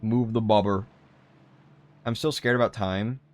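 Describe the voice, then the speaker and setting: A man's voice: fairly low pitch, fairly even intonation, measured pace. A young man in his twenties chatting casually on a game livestream, rambling, swearing often and restarting his sentences. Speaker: game streamer. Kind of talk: casual gaming livestream chat.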